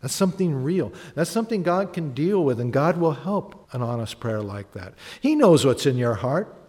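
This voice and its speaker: A man delivers a sermon as pastor, his voice sitting a little high for a man. He talks conversationally, asks the congregation questions and acts out prayers. A long reverb trails each phrase in the church sanctuary. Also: big pitch swings, moderate pace, darkish tone.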